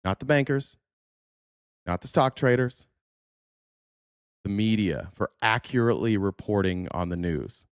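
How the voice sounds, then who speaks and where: A man's voice: on the low side, unhurried, pauses often, clear, resonant tone, no room sound. A man runs a political livestream in a dry, close-miked sound. He rants with heat and profanity and stumbles through restarts as he reacts to clips and chat. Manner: heated, profane, ranting with restarts. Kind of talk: casual livestream commentary.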